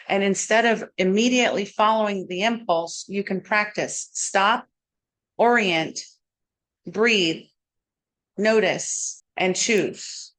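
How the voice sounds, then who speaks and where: A woman with a calm, measured voice leads a guided self-help lesson. She speaks in a steady, instructive way, as if reading a prepared script, and walks listeners through each step. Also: medium pitch. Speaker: host and wellness coach.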